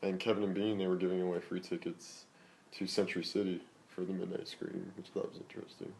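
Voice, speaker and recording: A man's voice: deep voice, level tone, quick pace, vocal fry, a little mellow. A man co-hosting a podcast in casual, playful, jokey chat. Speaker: podcast co-host.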